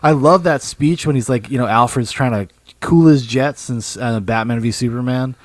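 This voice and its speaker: A man co-hosting a podcast, chatting casually about films in an animated way, swearing freely and laughing often. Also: medium pitch, normal speed. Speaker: podcast co-host. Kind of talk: casual film discussion.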